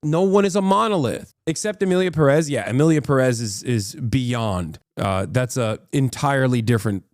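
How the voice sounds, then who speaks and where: Speaking in a medium-pitched, slightly mellow voice with no room sound and clean studio audio, a streamer gives casual live reactions. His combative rant moves fast, heavy on cursing he self-censors mid-word and on fillers.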